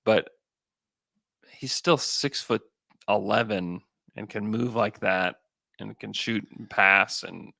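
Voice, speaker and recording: A lower-pitched man with a gravelly, bright edge to his voice chats casually about basketball as a podcast co-host. He thinks aloud with plenty of fillers and restarts. The sound is dry and close, with no room around it. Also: steady tone, slow, pauses often, dry recording.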